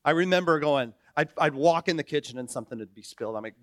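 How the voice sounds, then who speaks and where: A man in his forties preaching a sermon, telling stories in a lively way and acting out the people in them. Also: fairly high pitch, fast talker, no room sound, studio quality. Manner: animated storytelling, acts out characters. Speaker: pastor.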